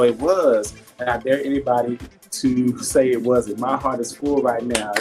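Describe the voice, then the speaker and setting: A man's voice: medium pitch, steady tone, moderate pace, soft background music. A man hosting a casual live jewelry sales stream, chatty and laughing often, reading viewer comments aloud and talking about his faith. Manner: warm and churchy, talks faith.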